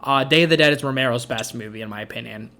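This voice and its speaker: A man's voice: medium pitch, fast talker, vocal fry, bright, forceful tone. A young man in his twenties talking casually about his favorite films, rambling and enthusiastic with lots of fillers. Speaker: film vlogger. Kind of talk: casual movie ranking talk.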